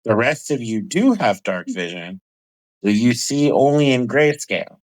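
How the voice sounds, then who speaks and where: A man's voice: mid-range voice, sing-song, unhurried, no room sound, low-quality recording. A man narrating as game master of a tabletop game, casual, with frequent laughs and stumbles. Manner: casual, laughs often, stumbles over words.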